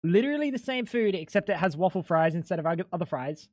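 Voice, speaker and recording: This is a young man streaming live: expressive and quick-paced, a little mellow, joking loosely with chat and swearing freely. When something baffles him, he jumps up into high, incredulous squeaks. There's no echo, and the quality is studio-grade.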